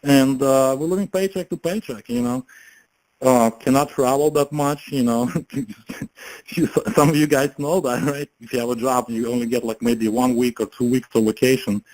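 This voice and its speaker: A man with an ordinary mid-range voice pitches network marketing in a loose, conversational way. He laughs often and keeps checking in with his listeners through tag questions and fillers. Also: steady tone, normal speed, a little mellow, poor audio. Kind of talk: casual motivational pitch.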